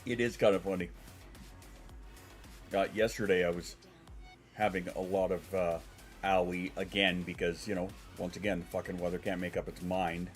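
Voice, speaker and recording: A man's voice: sits low, little pitch movement, normal speed, long pauses, faint music behind. A congested man streaming from home, chatting casually with his viewers and swearing now and then. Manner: rambling, swears, answers chat.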